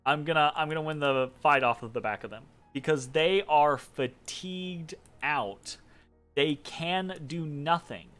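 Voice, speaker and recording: A man talks through a strategy game turn in loose, rambling commentary, often restarting his sentences and tossing in dry sarcastic asides. His voice sits a bit high for a man, and faint music plays under it. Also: unhurried, fairly bright tone. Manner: rambling, self-correcting, wry asides. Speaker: let's play commentator. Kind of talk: casual gameplay commentary.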